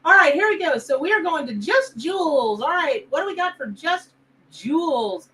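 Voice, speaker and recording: A woman's voice: high voice, lively intonation, moderate pace, sharp tone, distant mic, low-quality recording. A woman hosting a live tarot stream, bubbly and chatty with her viewers. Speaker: tarot reader and show host. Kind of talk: live stream chat reading.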